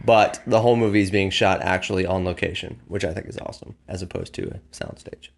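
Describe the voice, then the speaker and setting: A man's voice: sits low, fairly quick, creaky. A man co-hosting a casual podcast chat, chatty and laughing often. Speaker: podcast co-host.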